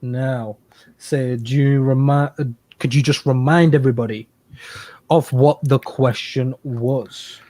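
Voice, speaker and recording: A man's voice: medium pitch, steady tone, a little slow, mellow, dry recording. A man co-hosting a casual podcast, rambling and repeating himself as he talks. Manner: rambling, repeats words, laughs. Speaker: podcast co-host. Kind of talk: casual advice podcast chat. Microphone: podcast microphone.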